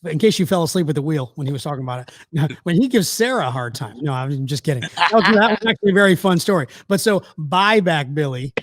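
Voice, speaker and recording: A podcast host chatting casually in a jokey, teasing way. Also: male voice, a little high, animated, quick pace, no room sound, clean studio sound. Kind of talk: casual chat.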